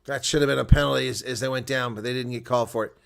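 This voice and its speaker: A man giving solo live play-by-play and color commentary on a rugby match, chatty and excitable, jumping from loud outbursts to muttered asides. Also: mid-range voice, racing, gravelly.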